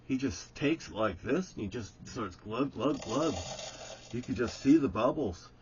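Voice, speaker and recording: A man rambles through an old story, swearing freely and chuckling as he goes. His voice sits at a middle pitch. The recording sounds slightly dull, with faint noise in the background. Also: animated, unhurried. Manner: rambling, profane, breaks into chuckles. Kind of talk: casual spoken storytelling.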